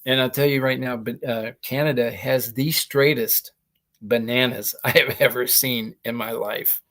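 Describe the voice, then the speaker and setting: A man's voice: mid-range voice, fairly even intonation, measured pace, a bit bright. A man hosting a comedy show, telling rambling stand-up stories and laughing through them as he talks into a laptop mic. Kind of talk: stand-up style monologue.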